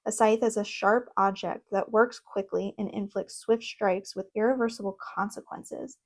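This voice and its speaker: A young woman in a casual vlog, reviewing an oracle deck at home, reading card meanings aloud between excited, chatty asides and laughs. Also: medium pitch, moderate pace. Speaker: tarot content creator. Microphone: own microphone.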